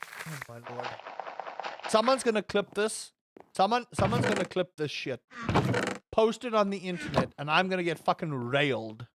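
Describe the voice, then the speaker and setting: A man's voice: sits high, very animated, normal speed, very noisy. A man streaming a game live, chatting with viewers in a sarcastic, rambling way full of stammered fillers.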